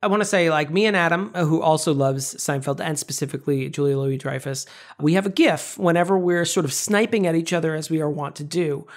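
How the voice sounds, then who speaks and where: Podcast co-host, casual chat, lively retelling, mid pitch. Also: fairly quick. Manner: animated storytelling, acting out quoted lines; casual swearing.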